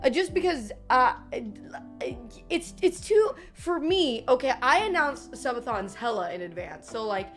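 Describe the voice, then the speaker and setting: A young woman streamer chatting casually with her viewers, animated, playful and swearing, her voice a bit worn. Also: high voice, unhurried, soft background music. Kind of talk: casual live-stream chat.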